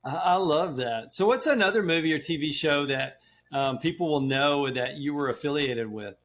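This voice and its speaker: A man's voice: on the high side, normal speed, fairly bright tone, slight background noise. A male radio show host in a casual interview, reacting with short, encouraging remarks.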